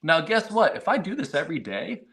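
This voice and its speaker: A man talking casually on a podcast, telling lively stories and acting out little quoted moments. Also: on the high side, fairly quick. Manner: animated storyteller, acts out quotes, frequent restarts. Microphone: remote video call.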